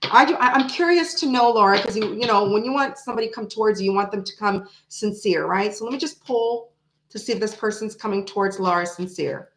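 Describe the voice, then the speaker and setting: A woman's voice: medium pitch, brisk, echoey room, a little hiss or hum, rough recording. A woman doing a casual tarot reading to the camera, thinking aloud and repeating her phrases as she pulls cards. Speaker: tarot reader.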